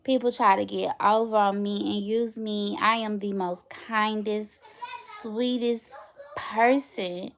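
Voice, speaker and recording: A woman in her thirties hosting a casual livestream, chatting straight to her viewers and telling stories with animated energy. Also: medium pitch, slow pace. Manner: chatty, animated storytelling, addresses viewers directly. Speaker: livestream host.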